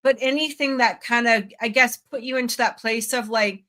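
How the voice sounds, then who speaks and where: Chatty hoarse woman hosting an interview. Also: on the high side, fairly even intonation, moderate pace, sharp tone. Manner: chatty and giggly. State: hoarse, recovering from a cold. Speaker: podcast host. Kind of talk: casual interview chat.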